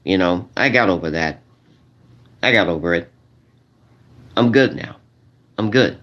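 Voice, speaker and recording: A man's voice: lively intonation, a little slow, fairly bright tone, highs cut off. A man doing a stand-up rant to a crowd, repeating himself and sounding exasperated, his voice shooting up when he gets indignant. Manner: repetitive, exasperated, voice jumping high when indignant.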